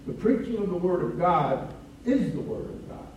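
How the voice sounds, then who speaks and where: A man preaching a sermon in a church, slow and deliberate, rising in force for emphasis. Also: sits high, very animated, a little mellow, dull audio, a little hiss or hum. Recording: echoey room from a distance.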